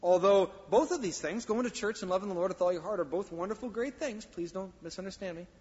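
A male pastor preaching a sermon, emphatic, swinging from quiet asides to loud declarations. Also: high-pitched, fast talker. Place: church sanctuary. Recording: dull sound with long hall reverb.

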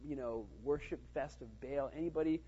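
A man voicing a brash, scheming ancient warrior king who loudly hypes up a big gathering, on a slightly muffled recording. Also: on the high side, brisk, slight background noise, close to an everyday voice. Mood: boastful.

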